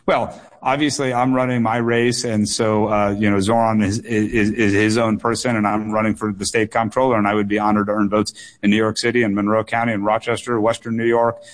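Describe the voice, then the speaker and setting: A man's voice: fairly low pitch, flat delivery, brisk, hardly any pauses. A man running for state office, answering radio interview questions earnestly, with frequent fillers and repeated words. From United States. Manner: earnest, repetitive phrasing with many fillers and doubled words. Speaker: political candidate guest.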